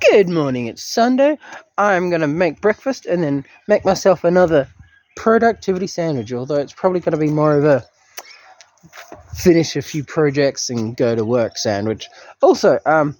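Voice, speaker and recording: Young man, video diary, dry self-mocking, lively pitch, slightly high voice. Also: slight background noise. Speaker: vlogger.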